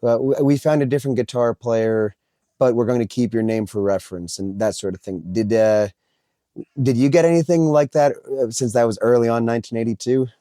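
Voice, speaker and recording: A man hosting an interview, asking questions in a relaxed way with hesitant fillers. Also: mid-range voice, brisk, no echo, studio quality. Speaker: podcast host.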